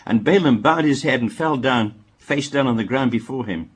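A man with a husky, medium-pitched voice reads scripture at a normal speed. As a Bible teacher, he interrupts the reading with wry remarks while explaining the text.

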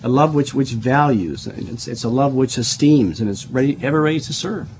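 A man's voice: medium pitch, moderate pace, a little mellow, slight background noise. A middle-aged man preaching a Bible study sermon, explaining verse by verse, spelling out words and often repeating himself as he restarts.

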